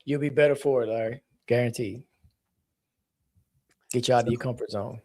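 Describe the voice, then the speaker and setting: A man's voice: medium pitch, fairly even intonation, normal speed, a little mellow, dry recording. A man co-hosting a casual talk show, joking and bantering playfully. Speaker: co-host. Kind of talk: casual chat.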